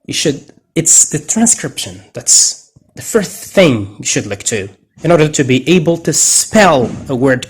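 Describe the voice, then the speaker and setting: A man teaching English pronunciation in a deliberate way, with Arabic as his first language, exaggerating stressed words as he models them. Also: a little high, husky. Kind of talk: pronunciation lesson.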